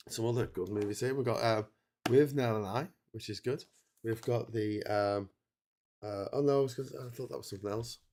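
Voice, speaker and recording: A man's voice: lowish voice, vocal fry, a little mellow. Rambling, tired man on a livestream. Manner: rambling, self-interrupting, chatty with mock-quoted dialogue. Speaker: livestream host. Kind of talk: casual livestream chat. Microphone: streaming setup mic.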